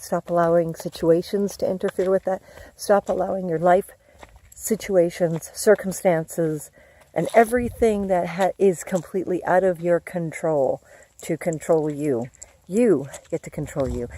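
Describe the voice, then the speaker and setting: Low, mellow-voiced woman vlogger. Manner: chatty, encouraging, laughs often. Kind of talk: casual motivational vlog.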